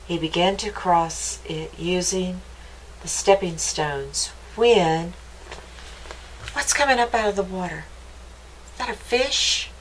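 A woman reading a picture book aloud to children for a library storytime, stopping often to ask them gentle, playful questions. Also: mid-range voice, slight background noise, low-quality recording.

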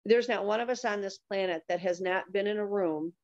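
A woman's voice: mid-range voice, a little fast, darkish tone, no room sound. A woman guest on a talk show, explaining things in a patient, teaching manner and giving examples. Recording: dull, dry lo-fi sound.

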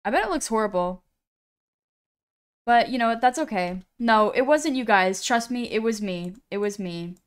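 A woman live-streams her gameplay, talking to viewers in a loose, rambling way and joking at her own expense. Her voice sits a little high and comes across smooth and clean. She speaks into a computer streaming mic. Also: animated, moderate pace. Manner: chatty, rambling, self-deprecating. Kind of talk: casual gaming live-stream chat.

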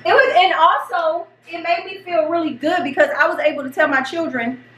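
A middle-aged woman and mother, hosting a home vlog, telling a story in an animated, excitable way. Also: very high voice, a little fast, reverberant, far from the mic, slight background noise. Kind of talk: casual storytelling. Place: home kitchen.

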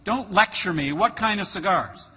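A woman's voice: mid-range voice, animated, normal speed, pushed and bright, long reverb tail, slight background noise, pitched above the performer's own voice. A man voicing a grumpy, blunt female hospital nurse who answers curtly. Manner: curt and unimpressed.

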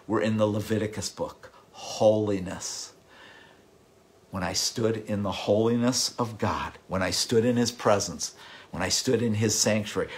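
Impassioned man preaching a sermon. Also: deep voice. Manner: impassioned, with repeated words and sudden drops to a hush. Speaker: pastor.

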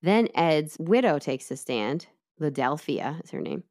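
A woman casually retelling a true-crime case to her co-host, chatty and lively, with asides. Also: low voice, unhurried. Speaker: podcast co-host telling the case.

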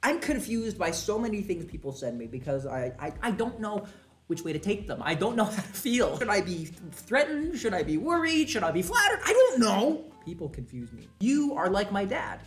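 A man casually reading fan messages on a vlog, animated and jokey, laughing and swearing often. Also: high-pitched, fairly quick, faint music behind. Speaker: content creator.

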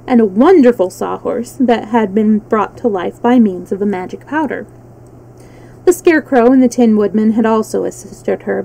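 A woman reading a children's book aloud on a livestream, relaxed, with small slips she corrects. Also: medium pitch, vocal fry, slight background noise, rough recording. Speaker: storyteller. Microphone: livestream mic.

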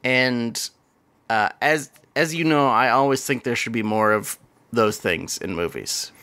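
A podcast co-host recaps a horror film in casual chat. His voice is bright and forward, at an ordinary pitch for a man. He jumps into quick character voices while he retells scenes. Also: clear, resonant tone. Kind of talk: casual movie review chat.

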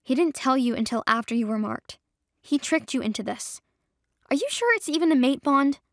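A woman's voice: high-pitched, lively intonation, dry recording, studio quality. A woman doing a fierce, protective young best friend. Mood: angry. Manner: indignant, raised and quick to anger.

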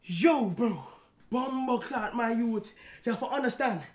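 A man's voice: very high-pitched, unhurried, echoey room. A man voicing a swaggering Jamaican bad man with a put-on Jamaican accent and boastful patois slang.

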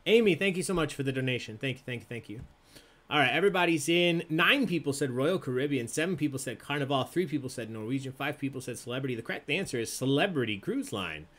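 A man's voice: medium pitch, lively intonation, fast, a bit bright. A man hosting a live trivia game in a casual, playful way, laughing often as he reads questions and answers. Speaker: trivia host.

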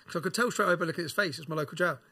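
Fast, bright-voiced man. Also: a little high, husky. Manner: animated, swearing, London slang. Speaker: podcast guest. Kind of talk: casual storytelling.

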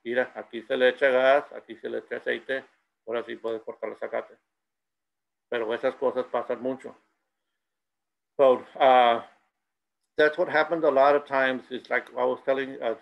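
A man's voice: mid-range voice, gravelly, lo-fi sound. A middle-aged man giving a bilingual presentation and telling anecdotes. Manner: switches between Spanish and English, tells anecdotes. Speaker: school presenter.

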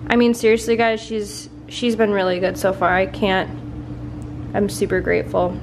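Young woman vlogger, high voice, chatty and cooing, light background hiss. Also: steady tone, moderate pace. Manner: cooing baby talk to a puppy, chatty asides to viewers. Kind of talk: casual vlog with a new puppy.

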